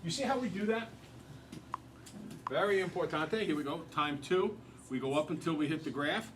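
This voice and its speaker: A male teacher lecturing a class in an animated, joking storyteller way. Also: fairly high pitch, fairly quick, noisy background.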